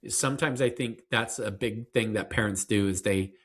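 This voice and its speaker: A man's voice: lowish voice, moderate pace, fairly bright tone. A man being interviewed as a parenting expert, explaining in an earnest, conversational way with fillers and restarts.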